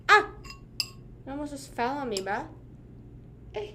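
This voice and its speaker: A woman's voice: high voice, lively intonation, unhurried, long pauses, background noise. A young woman in her twenties chatting casually with viewers on a livestream from home, slangy and rambling with lots of "like" and "bruh". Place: home room.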